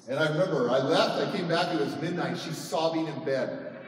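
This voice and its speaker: In a large conference hall, a middle-aged man tells a personal story, emotional, his voice jumping sharply when he recounts arguments. He sounds a little high and brisk, with slight background noise, and the echoey recording seems to come from far off.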